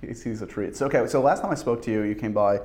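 A man hosting a casual interview, chiming in often with quick, eager remarks. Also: fairly low pitch, darkish tone, reverberant, slight background noise. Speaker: interview host.

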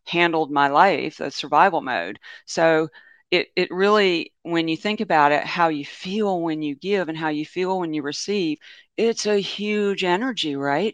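A man's voice: fairly high pitch, fairly bright tone, clean tone, no echo. A man presenting an informal webinar talk about animals, telling stories in a meandering way that often corrects itself and leans on fillers. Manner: meandering, self-correcting storytelling with many fillers.

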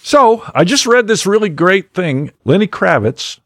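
A man chats casually as a guest, his pitch swinging up and down as he rambles and laughs at himself. The sound is dry and close. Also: sing-song, unhurried, a bit bright, no echo. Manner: laughs often, rambling, self-deprecating. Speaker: guest, magician. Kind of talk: casual podcast chat.

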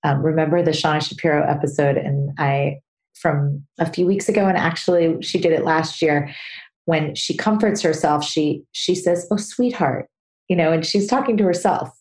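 A woman answers listener questions on her parenting podcast. Her voice sits fairly low and mellow, and she sounds earnest, acting out little examples along the way. The recording has a noticeably roomy echo. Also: fairly even intonation, moderate pace. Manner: warm, earnest, explains with acted examples. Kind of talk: solo advice talk.

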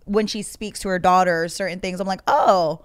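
A woman co-hosting a podcast in casual chat, from the Bay Area, telling stories with quick asides. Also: lowish voice, steady tone, no echo. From San Francisco Bay Area. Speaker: podcast co-host.

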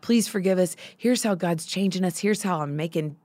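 A woman's voice: lowish voice, moderate pace, no echo, studio quality. A woman in her thirties, a songwriter guest on a podcast, telling a story with lots of fillers and acting out the voices of the people in it. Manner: animated, acts out quoted voices, many fillers. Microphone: studio microphone.

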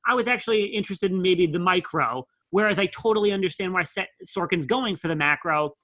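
A man co-hosting a casual film review, talking in a measured, analytical way with wry asides. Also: high-pitched, pushed and bright, no room sound.

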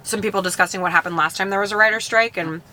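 A woman's voice: medium pitch, rapid-fire, bright, forceful tone. A young woman co-hosting a podcast, telling a story in casual chat and swearing freely while she eats. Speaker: podcast co-host.

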